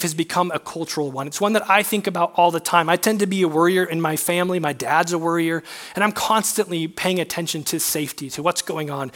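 A man in his thirties preaching to young adults, telling a personal story in an earnest, halting, emotional way. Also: sits high, a bit bright.

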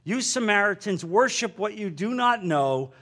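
A man preaching a sermon, fervent and emphatic, slowing down on key words. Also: high voice, expressive, fairly bright tone.

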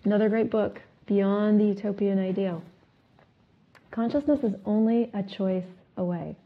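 A woman hosting a self-help talk show, asking her listeners questions and reciting a repeated clearing statement. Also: medium pitch, normal speed. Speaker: host. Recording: phone-like narrow sound.

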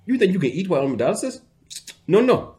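A strict, aggressive female dialysis tech with an African accent, as a man acts her out. She scolds in a high, loud voice. She tolerates no argument. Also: big pitch swings, fast. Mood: scolding.

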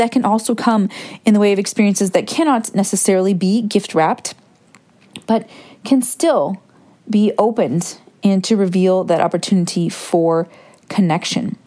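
Mellow-voiced woman musing as a podcast host. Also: medium pitch. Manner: gentle, musing and unhurried, wandering off on asides. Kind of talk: reflective solo podcast.

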